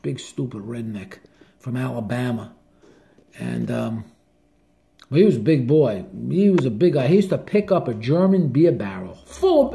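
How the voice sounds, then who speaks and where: A man's voice: a little high, dark tone. An older man with a New Jersey accent, a barber and author, telling stories in a blunt, casual way and swearing freely. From northern New Jersey. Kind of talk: casual storytelling to camera.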